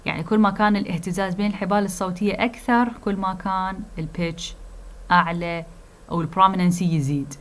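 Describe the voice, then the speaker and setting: A woman lecturer, an Arabic speaker, teaching a phonetics class slowly, with many fillers, repeated phrases and asides in Arabic. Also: mid-range voice, fairly even intonation, a bit bright. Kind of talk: recorded lecture.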